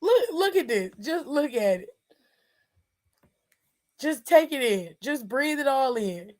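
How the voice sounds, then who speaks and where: High-voiced woman ranting with laughter. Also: sing-song, slow pace, darkish tone. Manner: exasperated, laughing between lines, swearing. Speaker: show host. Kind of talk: casual reaction commentary.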